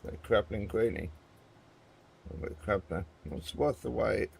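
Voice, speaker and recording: A man's voice: on the low side, moderate pace, creaky, a little mellow, slightly rough. A man hosting a gaming video, giving casual, rambling commentary and chatting to viewers as he plays.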